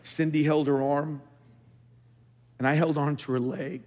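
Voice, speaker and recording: A middle-aged male pastor preaching from the pulpit, his voice a touch higher than most and slightly husky. He moves from quiet storytelling into fervent, rising exhortation. The sound rings out with long reverb in a large church. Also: little pitch movement, a little slow. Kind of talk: sermon.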